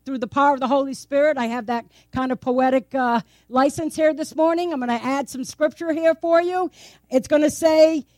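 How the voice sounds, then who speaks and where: A woman preaches a sermon in a chatty, playful way, peppering it with rhetorical questions and light laughter. Her voice sits fairly high. The sound is close and dry. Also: darkish tone, dry recording. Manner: conversational, asks many rhetorical questions. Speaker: pastor. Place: church.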